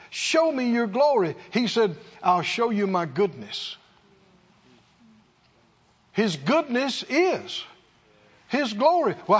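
A man's voice: extremely high pitch, husky, dull audio. A man preaching a sermon in a church, with emphatic, repetitive call-and-response delivery. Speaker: pastor.

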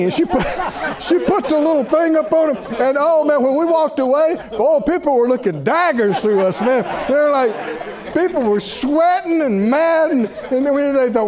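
A man's voice: normal speed, some chatter behind. A man preaching a sermon, telling a story with laughter and acting out what people said. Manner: lively, wide-ranging pitch.

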